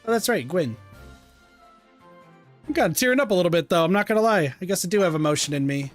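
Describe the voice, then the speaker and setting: A young man streaming a game, chatting casually with self-mocking, animated remarks. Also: high-pitched, fast talker, soft background music. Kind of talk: casual gameplay commentary.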